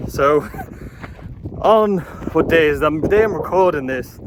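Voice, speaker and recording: A man's voice: fairly high pitch, lively intonation, unhurried. A man vlogging from a windy mountain trail, slightly out of breath, chatty and frustrated. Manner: chatty, frustrated, self-deprecating. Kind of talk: casual vlog narration while hiking. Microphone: phone camera held while walking. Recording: faint wind noise outdoors. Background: wind noise.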